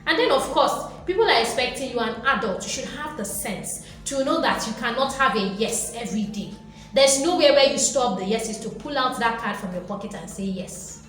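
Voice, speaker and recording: A woman giving an animated motivational talk who lectures her viewers and acts out little voices. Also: on the high side, normal speed. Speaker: motivational vlogger. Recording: very echoey room, faint music behind.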